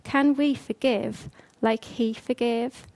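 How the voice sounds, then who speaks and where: A woman's voice: on the high side, steady tone, slow pace, a little mellow. A woman preaching a conversational sermon, earnest and full of rhetorical questions.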